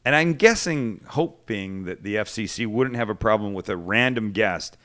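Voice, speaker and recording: A man's voice: lowish voice, normal speed. A man hosting a cooking show, telling stories in casual chat and acting out the people he quotes. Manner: animated storyteller acting out quotes.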